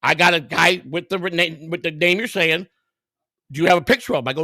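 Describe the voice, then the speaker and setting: A man's voice: on the high side, a little fast, sharp tone, no room sound. A man hosting a livestream, telling a heated, profane story full of quoted dialogue. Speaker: host.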